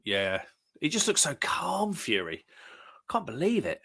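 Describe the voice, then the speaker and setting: A man's voice: mid-range voice, animated, fairly quick, a bit bright. A British man hosting a casual live stream, chatting easily and reading out viewers' comments. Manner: chatty, reads out viewers' comments, chuckles often.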